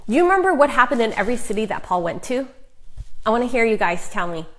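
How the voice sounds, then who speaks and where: A middle-aged woman author giving a chatty, emphatic live talk of faith encouragement to viewers, with fillers and quick asides. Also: on the high side, very animated, fairly bright tone, poor audio. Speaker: author and Christian speaker.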